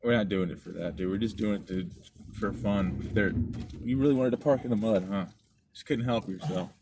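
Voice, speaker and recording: A man's voice: on the low side, fairly quick. A man riding along as podcast co-host, crudely teasing his friend in casual chat inside a car. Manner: crude teasing, reads labels aloud. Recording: loud car noise behind.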